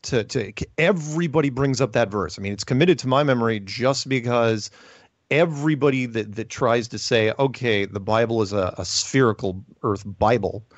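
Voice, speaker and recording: A man's voice: medium pitch, moderate pace, no echo. Middle-aged male host, rambly and full of restarts, dull lo-fi recording, dry. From United States. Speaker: podcast host. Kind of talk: casual chat. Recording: dull lo-fi sound.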